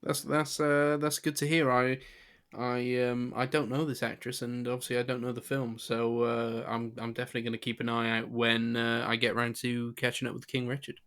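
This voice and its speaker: A man's voice: medium pitch, completely flat delivery, moderate pace, fairly bright tone. A man co-hosting a casual film podcast, asking curious questions and teasing his co-host with dry humor.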